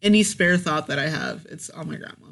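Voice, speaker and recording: A woman's voice: low-pitched, fairly quick, fairly bright tone. Woman co-hosting a podcast, open and emotional, laughing as she chats. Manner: candid and emotional, often laughing. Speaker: podcast co-host. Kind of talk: casual chat.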